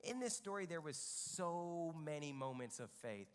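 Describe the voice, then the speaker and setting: A man with a high, lively voice leads a children's church lesson. He acts out the story with energy and keeps asking the kids questions. His voice carries a long reverb, as if in a big hall. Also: unhurried, clean tone. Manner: animated, asks the children questions. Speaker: children's ministry leader. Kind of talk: telling a Bible story to kids. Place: church kids' room stage.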